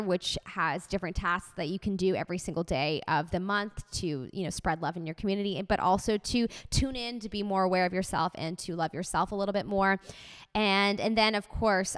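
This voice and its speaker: Woman, podcast host, upbeat, chatty, casual live-stream talk, mid-pitched. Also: a bit bright, smooth, big-room sound. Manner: upbeat, chatty, laughs often, positive affirmations.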